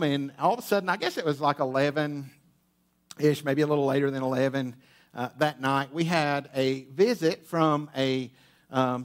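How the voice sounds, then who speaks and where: A pastor preaching to his congregation, telling a humorous personal story with lots of restarts and asides, in a church auditorium. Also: a little high. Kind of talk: storytelling sermon. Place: church auditorium with sound booth.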